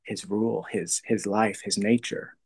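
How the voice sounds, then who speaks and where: A man's voice: fairly low pitch, fairly even intonation, breathy edge. A man giving a casual, thoughtful talk on faith, searching for words and often dropping to a near whisper. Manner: thoughtful, halting, often trails to a soft hush. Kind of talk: casual spoken reflection on faith.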